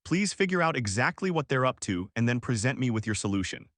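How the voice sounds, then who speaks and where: A man voicing a calm, assured rich mentor. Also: medium pitch, brisk, no echo, studio quality. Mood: reassuring. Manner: assured, emphatic, motivational. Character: calm, confident wealthy older male mentor.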